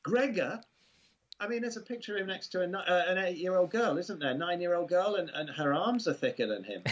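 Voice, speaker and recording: A man's voice: high voice, lively intonation, fairly quick, dull audio. An older man with an English accent, chatting casually as an interview guest, rambling with many fillers and restarts in an amused way. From England.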